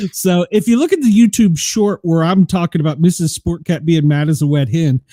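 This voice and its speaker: Middle-aged male podcast host from the US South, high and lively voice, chatty storyteller who laughs often, dry mic. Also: dry recording. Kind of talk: casual chat.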